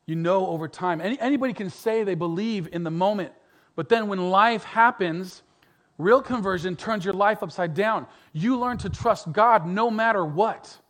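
A middle-aged male pastor preaching a sermon earnestly, repeating words, building to emphatic peaks and dropping to soft, quiet lines. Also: high-pitched, moderate pace.

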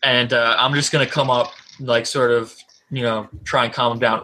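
A man playing a tabletop game, halting and repeating his words. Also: mid-range voice, fairly even intonation, bright, forceful tone, a little hiss or hum, rough recording. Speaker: player. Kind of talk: casual tabletop play.

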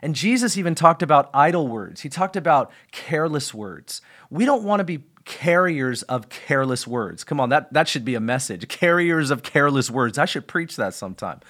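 A man's voice: on the high side, big pitch swings, moderate pace, hardly any pauses, fairly bright tone. A man, a pastor, giving an earnest devotional talk on his podcast, stressing and repeating key phrases, with small slips and restarts.

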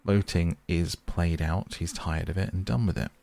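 A man reads out a cheerful, good-natured water rat from a storybook, hearty and a bit louder than the telling around him. The voice sits very low, with a husky, gravelly grain and a dry, close sound. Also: fairly even intonation, normal speed, no room sound.

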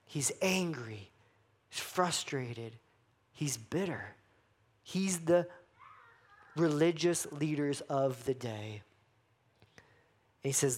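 A man pastor preaching a sermon, acting out the voices he quotes and dropping to hushed emphasis. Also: a little high, lively intonation, slow, pauses often.

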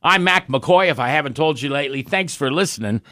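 A man's voice: a little high, fairly quick, dry recording, clean studio sound. A man hosting a Christian talk radio show, folksy and thinking aloud, with a cough today. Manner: folksy, animated, thinking aloud with many restarts. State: has a cough.

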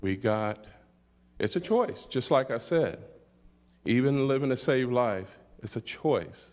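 A man's voice: mid-range voice, lively intonation, a little mellow. An older man preaching a sermon, reading scripture aloud and calling out hallelujah between points. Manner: slow, deliberate delivery with scripture readings and call-outs.

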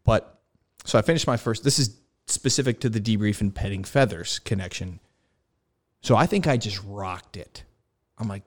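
A former carrier pilot hosting a casual podcast tells the story of learning to land on a carrier, acting out quoted dialogue and laughing often. His voice is lowish and his delivery unhurried.

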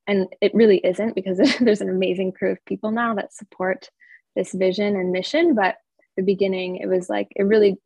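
A woman founder talks as a guest in a relaxed chat. Her voice is gravelly and a little husky. She rambles earnestly, piling up filler words, recorded dry and close. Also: medium pitch, dry recording. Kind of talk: casual interview chat.

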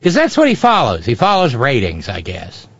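A man's voice: medium pitch, wildly swooping pitch, normal speed, a bit bright, slightly rough, no room sound. A man hosting a sarcastic political commentary show, with mocking asides. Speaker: host. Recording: dry, dull lo-fi sound.

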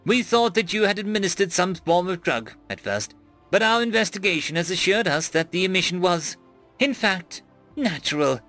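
A man's voice: high voice, lively intonation, normal speed, sharp tone, soft background music, pitched above the performer's own voice, heavily acted. A man voicing a stern, aloof male alien ambassador who speaks stiffly and formally.

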